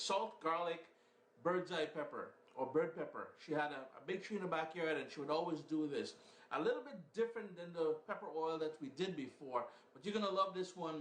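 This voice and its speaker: Man giving a chatty cooking demo. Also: a little high. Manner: chatty, relaxed, explains step by step. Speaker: cooking show host. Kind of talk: casual cooking demonstration. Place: home kitchen, then living room. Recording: echoey room, faint background noise.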